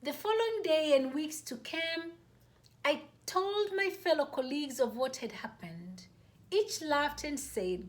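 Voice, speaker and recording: A woman host reading her own personal story aloud, in a measured, deliberate way. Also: sits high, sing-song.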